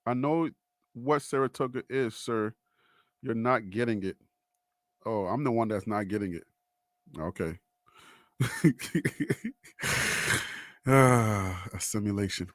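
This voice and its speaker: A man's voice: medium pitch, fairly even intonation, normal speed, pauses often, dry recording. A man from Brooklyn hosting a live stream, arguing back at viewer comments in casual chat. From Brooklyn, New York. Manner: argumentative, rebutting viewers.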